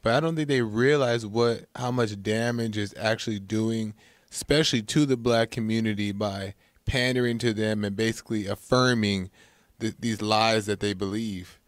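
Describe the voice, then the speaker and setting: A man speaks as a guest on a talk radio panel and recounts a story in an earnest way. His voice is on the low side and sounds dry and close to the mic. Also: fairly even intonation, normal speed, dry recording. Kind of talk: casual talk radio discussion.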